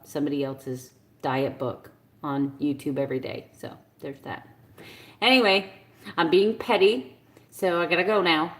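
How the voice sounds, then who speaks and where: A woman, ranting passionately and bluntly as she talks to her viewers on a casual live stream. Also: deep voice. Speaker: keto vlogger on a live stream. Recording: echoey room.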